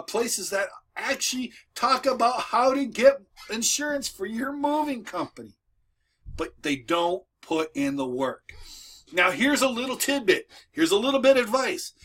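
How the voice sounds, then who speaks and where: A high, fairly bright voice belongs to a man giving a casual motivational talk to camera for moving business owners from his home, dogs nearby. He speaks folksily and repetitively, restarting often.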